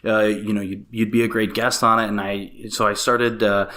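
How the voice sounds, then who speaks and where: A man talking as a guest on a business podcast, animated and casual, with many fillers and restarts. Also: lowish voice, moderate pace. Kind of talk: casual interview chat.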